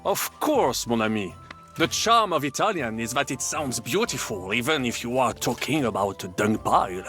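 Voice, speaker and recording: A man's voice: mid-range voice, sing-song, moderate pace, fairly bright tone, faint music behind. An actor playing a worldly man who teaches flirting phrases, amused and teasing, tossing in French words. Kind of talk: video game dialogue.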